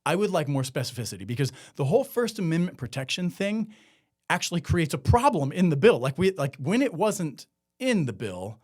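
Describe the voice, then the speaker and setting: A man's voice: fairly high pitch, big pitch swings, a little fast, a little mellow. A man hosting a solo commentary podcast, talking in a sarcastic, conversational way with many filler words. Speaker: podcast host.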